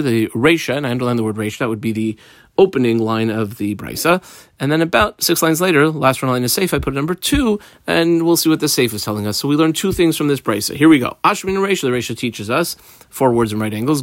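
A man giving a daily Talmud lesson, explaining the page casually with everyday examples and frequent pauses. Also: medium pitch, a bit bright, dry recording, studio quality. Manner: halting, with frequent ums and restarts. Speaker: Talmud teacher.

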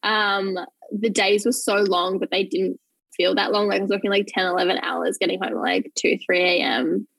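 A woman's voice: mid-range voice, little pitch movement, normal speed, creaky, a bit bright, dry recording, rough recording. A young Australian woman telling work stories as an interview guest, bubbly and often laughing, with lots of "like". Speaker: guest, journalist. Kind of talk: casual interview chat.

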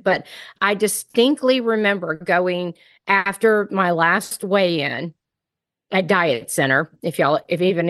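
Low-voiced woman hosting, candid and empathetic. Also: a bit bright, no room sound. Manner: candid, empathetic, relating own experience. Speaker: podcast host. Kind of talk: interview conversation.

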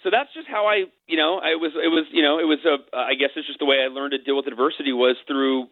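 A man's voice: a little high, steady tone, no room sound. A middle-aged man, an interview guest, telling a personal story candidly and emotionally, mixing in jokes. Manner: candid, emotional, quick to joke. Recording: tinny phone-line sound.

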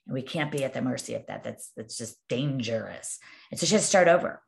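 A woman's voice: a bass voice, expressive, fast, creaky. A woman coaching real estate agents in a motivational talk, telling stories in a chatty way with many asides and tag questions.

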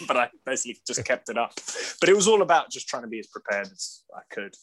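Bright-voiced English man, rambling chat. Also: mid-range voice, very animated, fast talker, few pauses, slight background noise, rough recording. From Britain. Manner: rambling, full of "like" and restarts, laughs often. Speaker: actor guest. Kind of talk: casual interview chat.

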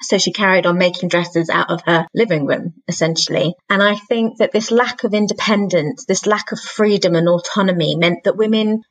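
A woman's voice: fairly low pitch, normal speed, hardly any pauses, poor audio. Reflective woman recalling family. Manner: reflective, warm storytelling with frequent laughter. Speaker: podcast guest, author and singer. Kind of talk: conversational interview.

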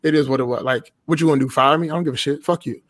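A young man tells a story in quick, animated bursts, cursing freely. His voice sits a bit high for a man. The sound is close and dry, with no room around it. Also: no room sound. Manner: profane, blunt, animated storytelling. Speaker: podcast guest. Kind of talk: casual storytelling.

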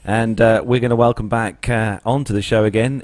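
A man's voice: fairly low pitch, fairly even intonation, normal speed, a little mellow, dry recording. A man hosting a casual podcast chat over a video call, rambling through jokey introductions. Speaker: podcast host.

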